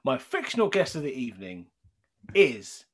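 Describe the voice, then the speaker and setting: A man's voice: mid-range voice, moderate pace. A middle-aged man, a guest in a casual chat, telling stories with lots of laughter. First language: not English. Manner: animated storyteller, laughs often.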